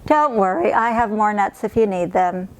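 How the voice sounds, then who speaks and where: A woman voicing a kindly, chatty old grandmother in a storybook, cheerful and doting, gently scolding. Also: medium pitch, expressive, moderate pace, smooth, natural voice, low-quality recording. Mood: fond. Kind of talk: storybook character voice.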